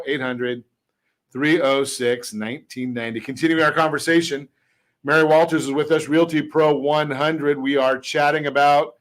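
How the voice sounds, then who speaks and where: Male talk radio host, a bit high-pitched, chatty, trips over words, throws in dry jokes. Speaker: radio host and mortgage expert. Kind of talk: casual radio talk show.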